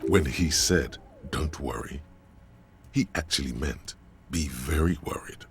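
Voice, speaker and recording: Brooding game narrator, extremely deep voice, grave, mocking, soft game music underneath. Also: male voice, a little slow. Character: brooding inner voice of a troubled male detective. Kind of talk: scripted video game narration.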